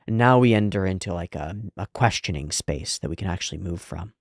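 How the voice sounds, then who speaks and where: A man's voice: low voice, lively intonation, brisk, dry recording, clean studio sound. A man reacting to an anime episode, thinking aloud in a casual, reflective way and often saying "like". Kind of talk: casual analytical commentary.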